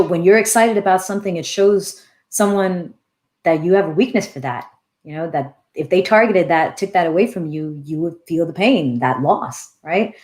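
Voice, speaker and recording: A woman in her thirties, a dance teacher hosting a casual live-stream Q&A, talking warmly and thinking aloud as she reads out comments. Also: fairly low pitch. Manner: warm, animated, thinks aloud with restarts.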